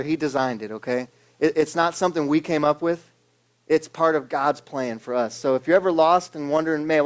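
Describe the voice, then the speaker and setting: A man's voice: a little high, clear, resonant tone. Casual preacher man, keeps saying okay. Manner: conversational, keeps asking "okay?". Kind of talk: casual sermon. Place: church service.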